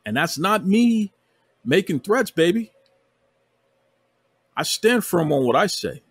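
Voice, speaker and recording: Hosting a wrestling podcast, a man rants heatedly with heavy emphasis, calling people out by repeating himself. His high voice is sing-song, slow and slightly rough, with no echo on the remote podcast recording.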